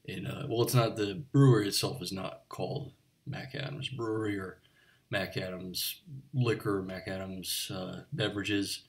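A man's voice: deep voice, fairly even intonation, moderate pace. A man voicing an eccentric, pedantic bartender in a comic monologue, rambling and digressive with chatty asides to the listener. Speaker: bartender character. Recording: voice a bit far from the mic.

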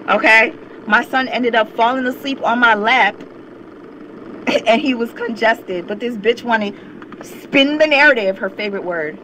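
A woman's voice: fairly high pitch, a little slow, a bit bright, a little hiss or hum, poor audio. A young woman ranting on her vlog channel, heated, confrontational and swearing often. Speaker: YouTube commentator. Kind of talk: angry rant to camera.

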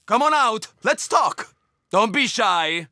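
A man's voice: high-pitched, big pitch swings, slow, pushed and bright, no echo, studio quality, heavily acted. A man with an Italian accent voicing a menacing, swaggering mob henchman in a video game, tossing out threats and Italian curses. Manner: threatening, swaggering, mixes Italian phrases into English. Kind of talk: video game ambient dialogue.

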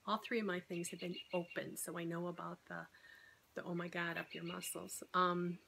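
A woman's voice: lowish voice, level tone, moderate pace, gravelly, bright, forceful tone, slight background noise. A middle-aged woman talking candidly and rambling in a casual vlog about her weight-loss surgery. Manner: rambling, candid, self-deprecating.

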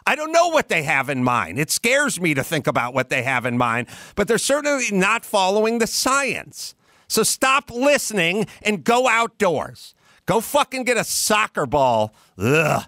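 Man, podcast host, profane rant, high pitch, dry close sound. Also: wildly swooping pitch, measured pace, sharp tone, dry recording. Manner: exasperated, emphatic, swears freely.

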